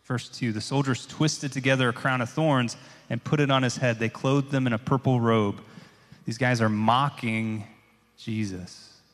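A man's voice: medium pitch, fairly even intonation, normal speed. Casual preaching man in a reverberant hall. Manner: casual, conversational, many filler "like"s and "right?"s. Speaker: pastor. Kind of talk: sermon.

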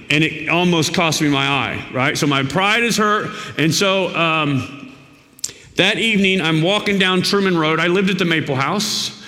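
A man preaching a sermon in a church, telling a personal story in an emphatic, lively storytelling manner. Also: fairly high pitch. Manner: storytelling, emphatic, shouts when reliving anger. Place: church hall. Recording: echoey church hall.

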